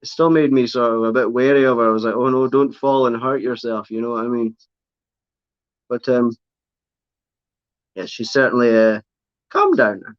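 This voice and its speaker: A man's voice: mid-range voice, steady tone, moderate pace, pauses often, no room sound. Chatty man, dull lo-fi sound. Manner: chatty, fond baby talk to his spider. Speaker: livestream host showing pet reptiles and spiders. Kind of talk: casual livestream chat. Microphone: camera on a tripod, close by.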